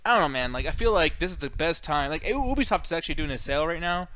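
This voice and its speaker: Fast-talking, high-voiced male host. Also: animated, dry recording. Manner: loud, playful, sing-song greetings, swears often. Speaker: podcast host. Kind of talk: casual livestream chat.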